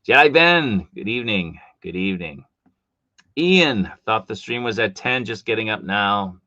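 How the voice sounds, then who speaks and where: A man's voice: fairly low pitch, lively intonation, unhurried, sharp tone, dry recording, lo-fi sound. A man with a Boston accent hosting a casual live stream, rambling through chat comments with plenty of fillers. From Boston, USA.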